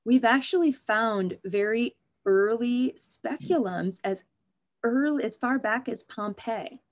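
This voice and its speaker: Her voice a little high and her delivery slow, a woman gynecologist-obstetrician chats as an interview guest, blunt and funny about her profession. The tone is animated and conversational.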